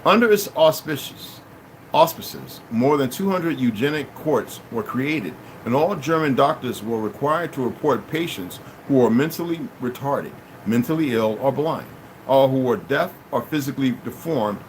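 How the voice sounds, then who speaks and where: A man's voice: medium pitch, expressive, normal speed, rough recording. Guy reading off a text to his viewers, trips over words and goes off on side comments, mid voice, bit of hum behind. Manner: stumbles over hard words and restarts, addresses listeners directly. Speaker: channel host. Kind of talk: reading a text aloud with off-the-cuff asides.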